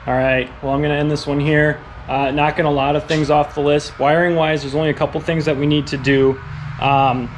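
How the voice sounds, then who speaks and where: A man's voice: on the high side, level tone, fairly quick, slight background noise. A man casually narrating his truck build in a garage, rambling with lots of fillers and upbeat asides. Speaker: car build vlogger.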